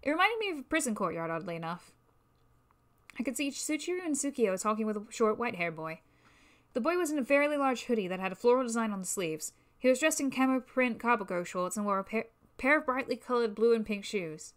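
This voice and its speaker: A woman's voice: a little high, expressive, fairly quick. A woman reading a fan-made game story aloud on a livestream, casual in manner. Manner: casual, with swearing asides. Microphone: new microphone.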